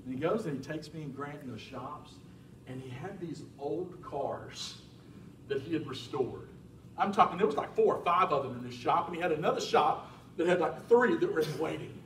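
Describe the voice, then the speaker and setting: A man preaching a sermon as a pastor in a church, telling stories in an animated way. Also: on the high side, moderate pace, a little hiss or hum. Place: church sanctuary. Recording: roomy church sound from a distant mic.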